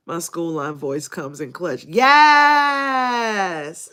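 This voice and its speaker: Animated, laughing woman streamer. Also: medium pitch, very slow, long pauses, clear, resonant tone. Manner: laughs often, profane and animated. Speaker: live streamer. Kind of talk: casual live stream chat.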